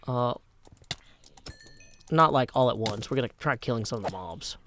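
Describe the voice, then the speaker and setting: A man's voice: medium pitch, lively intonation, moderate pace, pauses often, slight background noise. Chatty man streaming a game. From Nashville, Tennessee. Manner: chatty, self-deprecating, often drops to a hushed mutter. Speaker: gaming streamer. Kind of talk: casual live gameplay commentary.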